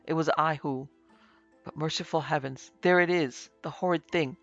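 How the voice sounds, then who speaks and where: A husky, frantic German lecturer raves in a raised, gravelly voice, as a male narrator puts him on. He sounds gripped by terror and guilt, and faint music plays beneath him. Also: on the high side, fairly even intonation, normal speed, a bit bright, muffled recording. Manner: frantic, raving.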